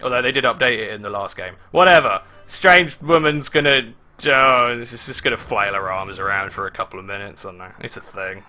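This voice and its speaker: A man gives offhand, sarcastic commentary while playing a video game. His voice has a very bright, sharp tone. Faint music plays softly behind him. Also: medium pitch, a little fast, few pauses. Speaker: let's player. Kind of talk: gameplay commentary.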